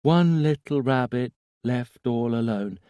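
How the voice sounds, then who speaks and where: A man's voice: mid-range voice, animated, slow pace, mellow, smooth, no echo, highs cut off, pitched above the performer's own voice. A man voicing a small boy who recites a nursery rhyme in a childlike sing-song, one line straight into the next. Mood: eerie sing-song. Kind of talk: audiobook character voice.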